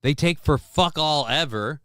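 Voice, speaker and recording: A middle-aged man chats on his home live stream in a bright, clear voice, recorded close and dry with no room sound. He rambles, swears casually and reads viewers' comments aloud. When he quotes people he lifts into a livelier voice. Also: on the high side, unhurried, dry recording. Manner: quotes himself and others in livelier raised voice. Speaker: livestream host. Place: home desk.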